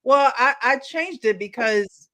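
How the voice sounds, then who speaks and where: East Coast woman, panelist, measured explainer. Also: sits high, lively intonation, fairly bright tone. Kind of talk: casual panel discussion.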